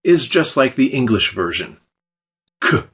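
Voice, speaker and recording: A man teaches a language lesson in scripted narration, his voice a touch husky. His pitch moves a lot as he explains each point and drops the odd dry joke. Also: sing-song, measured pace, fairly bright tone. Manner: explanatory, with light dry jokes.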